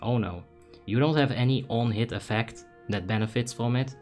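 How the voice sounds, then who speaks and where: Young man, streamer, casual commentary, reads chat, excited bursts, mid-range voice, faint music behind. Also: mid-range voice, moderate pace. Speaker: game streamer. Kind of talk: live gameplay commentary.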